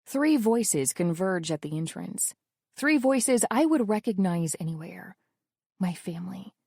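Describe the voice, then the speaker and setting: Female romance audiobook narrator: wry, intimate, very expressive pitch, slow unhurried pace, dry close sound. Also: gravelly, slightly rough, no echo.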